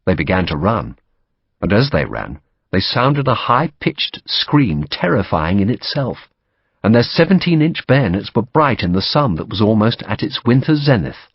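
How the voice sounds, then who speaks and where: A man reading a novel aloud as audiobook narration, steady and dramatic. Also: on the low side, moderate pace, breathy edge, dry recording, dull audio.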